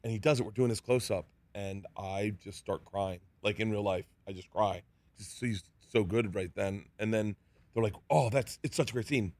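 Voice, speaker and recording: A middle-aged comedian telling stories as a talk show guest, animated, acting out quotes and laughing often. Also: male voice, fairly low pitch, moderate pace, no room sound. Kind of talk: storytelling in a talk show interview. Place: radio studio.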